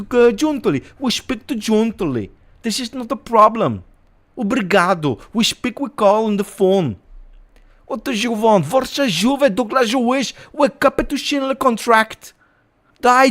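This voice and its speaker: A man's voice: expressive, a little slow, fairly bright tone, full character voice. A man putting on a pushy, pleading club recruiter. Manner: pleading, repetitive, high-energy sales pitch. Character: eager male club insider pitching a transfer.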